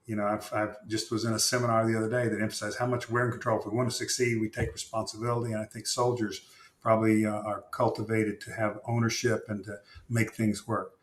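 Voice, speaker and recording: With a fairly low voice that barely changes pitch, this man speaks from an echoey room. He's an author on a podcast, giving careful, considered answers in a conversational interview and filling his pauses with "uh."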